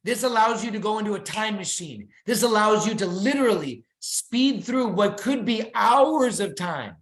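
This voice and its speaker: An excitable presenter delivers a weekly company update over a video call, sharing slides with the eager energy of a sales pitch. The sound is reverberant.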